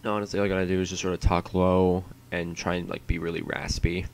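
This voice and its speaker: A man's voice: deep voice, level tone, fast, gravelly. A man streaming alone, rambling in a profane, self-mocking way while he waits for his stream to start. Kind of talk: casual solo livestream chatter.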